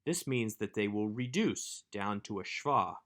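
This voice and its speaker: A man giving a recorded workbook lesson as a Hebrew instructor, explaining grammar in a measured way. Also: lowish voice, expressive, fairly bright tone.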